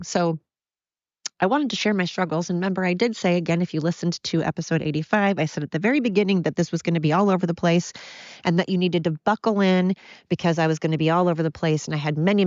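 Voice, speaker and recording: A woman's voice: fairly low pitch, a little mellow, no room sound, lo-fi sound. A middle-aged woman hosting a confessional solo podcast from home, rambling and apologetic as she talks through her struggles. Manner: rambling, apologetic, openly emotional. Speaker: podcast host.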